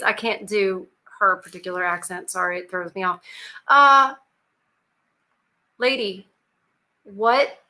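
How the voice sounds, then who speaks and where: A woman's voice: medium pitch, slow pace, long pauses, pushed and bright. A woman hosting a reaction video, giving blunt, sarcastic commentary and talking back at the clips.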